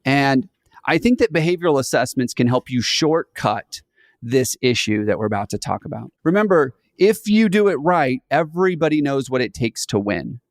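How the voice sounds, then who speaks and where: A man talking as a podcast guest about hiring, animated and acting out little scenes. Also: medium pitch, moderate pace, no echo, studio quality. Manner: animated, playfully acts out scenes. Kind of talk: conversational podcast interview.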